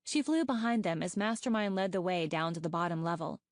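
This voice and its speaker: A woman's voice: on the low side, lively intonation, brisk, no echo. Woman narrating an audiobook, dry sound. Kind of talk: scripted narration.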